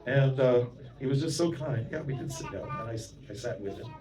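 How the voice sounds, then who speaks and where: A man's voice: mid-range voice, brisk, crowd noise. A man from Canada, a monk giving a storytelling lecture to a temple audience, chatty and anecdotal, often asking the room questions. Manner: chatty, anecdotal, with many "you know" asides and audience questions. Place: temple hall. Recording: roomy hall, mic at a distance, audience present.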